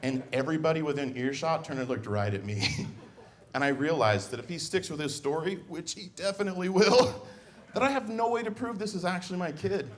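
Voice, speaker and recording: A man's voice: on the high side, fairly quick. A middle-aged man doing stand-up comedy on a club stage, telling family stories and acting out scenes as he goes. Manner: animated storytelling, acting out scenes.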